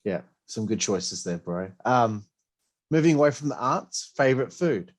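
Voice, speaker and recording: A man's voice: mid-range voice, expressive, normal speed. A man hosting a podcast, asking short questions and reacting briefly. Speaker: podcast host. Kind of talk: casual podcast interview.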